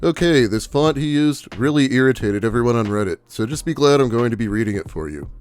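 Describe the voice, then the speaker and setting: A man's voice: mid-range voice, brisk, faint music behind. Dry sarcastic man reading posts. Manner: sarcastic, deadpan asides. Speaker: channel host reading posts.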